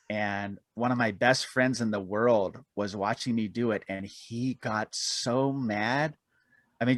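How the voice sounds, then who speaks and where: A man's voice: mid-range voice, a bit bright, no room sound. A man being interviewed on a podcast, telling long self-deprecating stories and laughing often. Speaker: guest, aerial cameraman and author.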